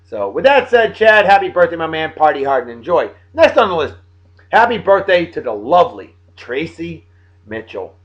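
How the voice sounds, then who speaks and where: A man in his late thirties from Massachusetts, hosting a casual video blog and giving playful, hearty birthday shout-outs to friends. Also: on the high side, big pitch swings, moderate pace, muffled recording. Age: late 30s.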